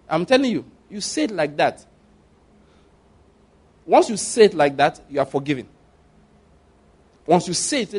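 A middle-aged man delivers a sermon in an easy, talky manner. His voice sits somewhat high for a man. He circles back and repeats key phrases to drive them home. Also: expressive, normal speed, pauses often, a little mellow, breathy edge. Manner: conversational, repeats phrases for emphasis. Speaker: pastor.

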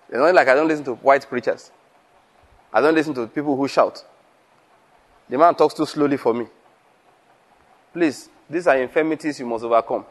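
A man preaching to fellow pastors, telling stories and acting out conversations, laughing often. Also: on the high side. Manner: lively storytelling, acts out dialogue, laughs often.

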